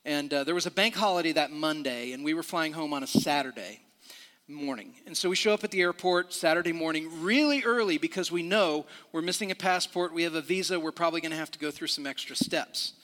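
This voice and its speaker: Here a middle-aged male pastor delivers a sermon built around a personal story, speaking casually in a church, restarting phrases and asking the room questions. The voice is a little high, slightly fast and a bit bright, echoing in a large space.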